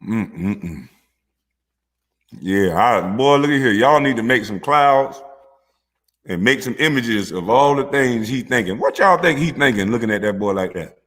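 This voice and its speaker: A man delivering a mocking, profane comedic commentary rant, with drawn-out hums between jabs. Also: mid-range voice, animated, fairly bright tone, in a large hall.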